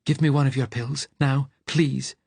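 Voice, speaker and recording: A man voicing a terrified male scientist who speaks in a quiet, fierce, almost hissing tone in an audiobook. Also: medium pitch, fairly even intonation, a little slow, vocal fry, slightly rough, no room sound, pitched above the performer's own voice. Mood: desperate.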